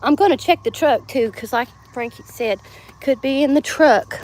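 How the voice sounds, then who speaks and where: Lady rambling on her phone vlog, high voice, laughs a lot, wanders round the house and yard. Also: normal speed, noisy background. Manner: chatty, rambling, laughs often. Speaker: vlogger. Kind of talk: casual livestream chat. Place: home and yard, outdoors at times.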